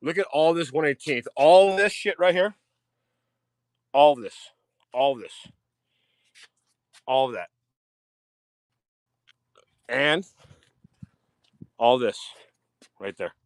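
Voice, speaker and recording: A man giving a casual live-stream tour of his diecast collection, excitable, swearing freely and repeating himself. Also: on the high side, slow, pauses often, dry recording. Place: home storage rooms and outdoors at night.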